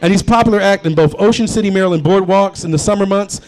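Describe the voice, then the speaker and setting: This fast-talking forties-aged man has a high-pitched voice and runs a live comedy show at a bar venue. Animated and talkative, he spins stand-up stories and jokes while engaging the crowd.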